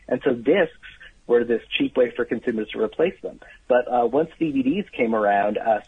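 An enthusiastic man explains surprising facts as a guest author calling in to a radio interview. His voice is husky and carries the thin, tinny quality of a dry telephone line, with the pitch sitting in a middle range. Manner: animated, storytelling, enthusiastic about trivia.

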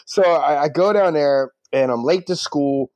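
A man from the northern US with a fairly high voice tells a story on a podcast, jumping into the voices of the people he quotes. The sound is dry and close, with no room around it. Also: unhurried, darkish tone, no echo. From northern United States. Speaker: podcast co-host. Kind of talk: casual storytelling chat.

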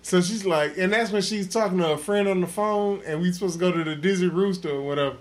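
A man hosting a casual podcast, loudly telling a drunk, profane story full of laughter. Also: sits high, fast talker. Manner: loud, profane, laughing, acts out quotes. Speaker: podcast host.

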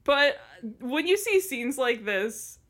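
A woman talks through a TV episode with her co-host in loose, casual chat. Her voice is bright and sits a little high. She laughs easily and swears in passing. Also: big pitch swings, slow. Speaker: podcast co-host recapping a TV episode.

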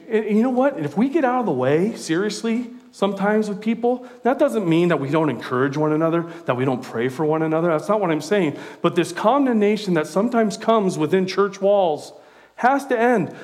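A middle-aged man from California preaching a sermon as a pastor, conversational and animated, telling stories from his own life. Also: sits high.

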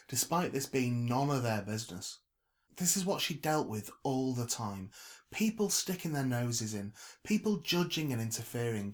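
Man, audiobook narration, measured, even, mid-pitched.

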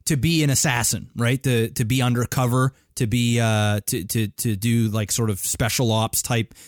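Guy co-hosting a podcast, halting and rambly, swears a lot, dry close sound. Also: medium pitch, fairly even intonation, no room sound. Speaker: podcast co-host. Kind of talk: casual chat.

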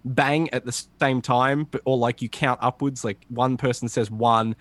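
A man's voice: medium pitch, steady tone, normal speed, fairly bright tone, dry recording. An Australian man co-hosting a podcast, laid-back and teasing in casual chat. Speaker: podcast co-host.

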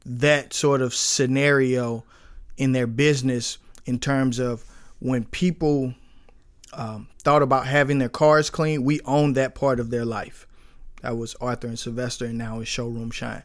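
A man in his thirties from St. Louis leans into his own origin story, filling the gaps with ums and acting out the voices of the people he dealt with. His voice sits at an ordinary pitch and sounds close and dry, with no room around it. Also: measured pace, dry recording. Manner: relaxed storyteller, with frequent fillers and quoted dialogue. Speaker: guest, business owner. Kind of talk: storytelling in a podcast interview.

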